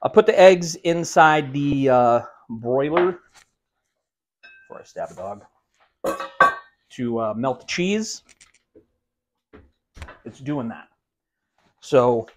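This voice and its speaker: A man's voice: medium pitch, lively intonation, slow, long pauses. A man hosting a casual cooking vlog in a home kitchen, who cracks self-mocking jokes while he cooks. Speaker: cooking show host.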